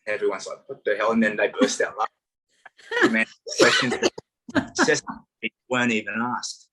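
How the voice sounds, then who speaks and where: An Australian man talking casually as an interview guest, an animated storyteller with self-mocking humour. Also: medium pitch, a little slow, gravelly, low-quality recording. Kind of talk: casual conversation.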